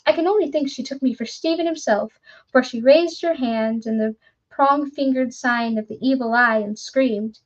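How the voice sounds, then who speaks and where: A woman reading a story aloud in a measured, formal narrating style. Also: sits high, muffled recording. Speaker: audiobook reader.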